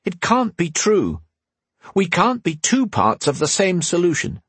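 Guy voicing a young hothead, pushy and earnest, raised a bit, husky edge. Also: sits high, sing-song, measured pace, fairly bright tone, dry recording, pitched above the performer's own voice, heavily acted. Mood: frustrated. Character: frustrated young man, stubborn and earnest.

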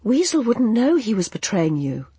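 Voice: mid-range voice, big pitch swings, normal speed, warm tone, husky, dry recording, voice pushed up. Earnest young woman, formal speech, read by the narrator, audiobook character voice. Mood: urgent. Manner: precise, formal, uses no contractions.

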